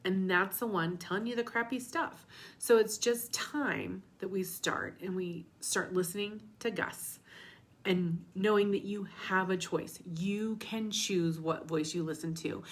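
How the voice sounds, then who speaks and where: A woman's voice: mid-range voice, a little slow. Give me a woman with an ordinary mid-range voice giving a candid, casual motivational talk, who now and then drops to a whisper. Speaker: self-help coach.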